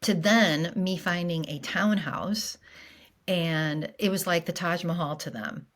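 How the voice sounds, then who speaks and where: A middle-aged woman appears as a guest on a podcast, talking candidly about grief. Her speech halts with fillers and restarts, and she is openly emotional and earnest, her voice on the low side.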